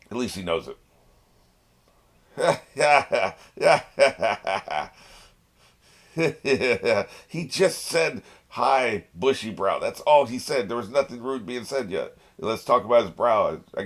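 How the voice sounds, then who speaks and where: A man's voice: lowish voice, lively intonation, slow pace, pauses often. A man hosting an anime reaction video, chatting casually, laughing often and talking back to the screen. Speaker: anime reaction channel host.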